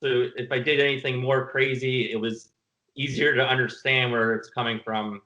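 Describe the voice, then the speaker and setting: A man's voice: medium pitch, steady tone, normal speed, pushed and bright, dull audio. A man telling stories in a casual interview, rambling and laughing often. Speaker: film director guest. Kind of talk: casual video-call interview.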